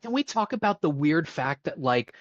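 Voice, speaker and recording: A man co-hosting a casual film review podcast, talking in an animated way, swearing and laughing often. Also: a little high, moderate pace, no room sound, highs cut off. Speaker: podcast co-host.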